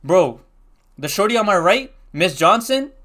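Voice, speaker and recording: A man's voice: high voice, very animated, a little slow, pushed and bright. A young man casually telling a rambling storytime, full of slang and restarts.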